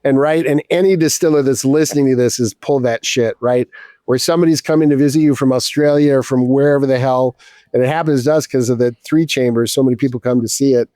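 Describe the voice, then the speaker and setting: A man's voice: mid-range voice, fairly even intonation, fast, warm tone, no echo. Male, 50s, distiller guest; rambling casual storyteller, mid-range voice, dry close sound. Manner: rambling, with many restarts and casual swearing.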